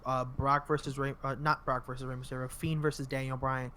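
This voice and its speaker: A man co-hosting a casual wrestling podcast, talking fast and profanely and breaking into loud impressions. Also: mid-range voice, flat delivery, a little hiss or hum. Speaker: podcast co-host. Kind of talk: casual wrestling review chat.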